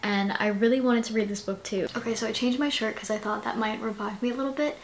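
A woman's voice: a little high, steady tone, fast, slight background noise. Chatty young woman book vlogger. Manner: chatty, gushing, lots of "like" and "you know what I mean". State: sleepy. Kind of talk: casual reading vlog chat.

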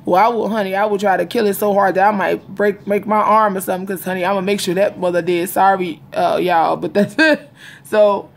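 A woman chatting casually to camera in an animated storytelling style, laughing often. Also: mid-range voice, brisk, gravelly. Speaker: vlogger. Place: home, indoors. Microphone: phone or webcam camera.

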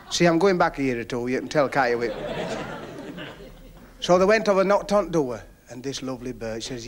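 Comic spinning a long yarn. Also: male voice, lively intonation, fairly quick, crowd noise. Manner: folksy, chatty tale-spinning that drops low and quiet. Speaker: stand-up comedian. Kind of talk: stand-up storytelling. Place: TV studio stage with audience.

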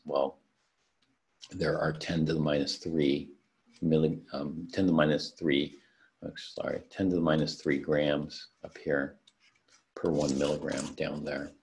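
A man with a very deep, darkish voice speaks a little slowly and with fairly even intonation. He teaches a recorded online chemistry lesson, methodically working through unit conversion problems step by step. The audio comes from a computer mic on a video call.

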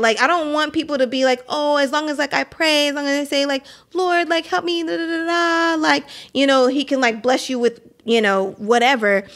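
A woman in her thirties with a high voice talks to the camera about faith with fervent, rising conviction. She laughs often and leans heavily on "like" as she builds her point. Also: fairly bright tone. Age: 30s. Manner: impassioned, laughing, heavy use of "like". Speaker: Christian vlogger. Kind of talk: earnest faith talk to camera.

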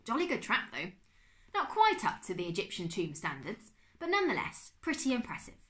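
A woman's voice: medium pitch, huge pitch swings, brisk, fairly bright tone, voice pushed up. A woman reading as a blustery uncle archaeologist. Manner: huffy, exclaiming, jolly. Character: eccentric adult male archaeologist uncle, blustery.

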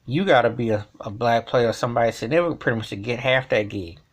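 A man's voice: mid-range voice, fast talker. A man delivering an emphatic, repetitive rant in colloquial speech, commenting as a vlogger. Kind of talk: ranting commentary.

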